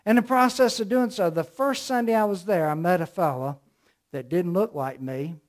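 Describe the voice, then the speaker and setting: Southern male preacher, middle-aged, high tenor, punches key words, tells stories from the pulpit. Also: moderate pace. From American South. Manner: emphatic, storytelling preacher with rising emphasis. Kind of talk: sermon.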